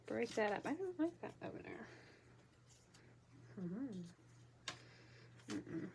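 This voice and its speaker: Slow, gravelly, congested crafting vlogger woman. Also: medium pitch, noisy background. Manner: rambling, chatty, mutters to herself while working. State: congested, clogged nose. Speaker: art journaling vlogger. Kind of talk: casual crafting chat. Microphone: phone close by.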